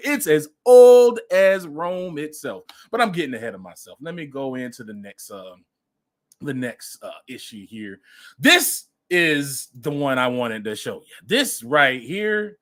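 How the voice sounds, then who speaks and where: A man's voice: medium pitch, very animated, unhurried, sharp tone. A man hosting a casual commentary show, speaking emphatically and repeating phrases for effect. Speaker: podcast host.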